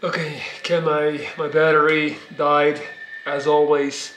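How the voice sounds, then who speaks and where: A man from Belgium, in his thirties, rambles through a personal story for his vlog. His voice sits a little high for a man and he swears casually. The room rings with a noticeable echo. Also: flat delivery, takes it slowly, fairly bright tone, a little hiss or hum. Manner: long-winded, rambling, swearing. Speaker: vlogger. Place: living room.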